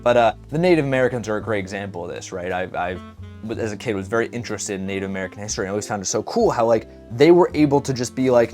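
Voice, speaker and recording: A man's voice: lowish voice, animated, quick pace, darkish tone, faint music behind. A man hosting a solo podcast, talking casually and rambling, with self-deprecating asides and stutters. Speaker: podcast host. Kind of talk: casual solo talk while painting.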